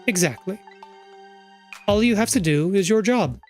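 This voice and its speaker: A cold kidnapper voiced by a streamer delivers calm, measured threats. The delivery is even and controlled, with faint music behind it. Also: mid-range voice, natural voice. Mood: menacing. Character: cold, menacing male kidnapper on the phone. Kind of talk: reading game dialogue aloud.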